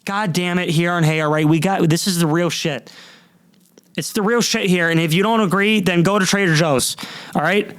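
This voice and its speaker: A man's voice: high-pitched, normal speed, a bit bright, dry recording. A young man hosting a podcast, rambling through a comedic monologue and mocking people in silly voices. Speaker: podcast host. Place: warm room, downstairs.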